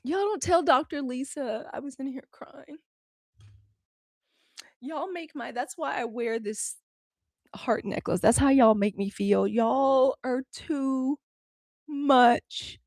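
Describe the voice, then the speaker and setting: A woman's voice: high-pitched, slow, pauses often, darkish tone, dry recording, studio quality. An American woman hosting a live stream, chatting casually with viewers and talking through the app controls as she goes. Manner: chatty, fumbling aloud with app controls, addressing viewers as y'all. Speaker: livestream news host.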